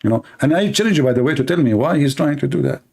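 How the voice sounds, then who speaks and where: A man's voice: on the high side, lively intonation, rapid-fire, creaky, darkish tone, husky. A man from the Middle East, a native Arabic speaker with an Arabic accent, hosting a live debate in a sarcastic, mocking manner. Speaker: online debate host.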